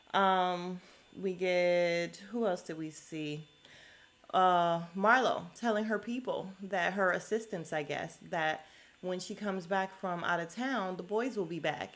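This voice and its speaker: A middle-aged woman hosting a podcast from home, casually recapping a reality show with blunt, sassy asides and laughs. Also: lowish voice.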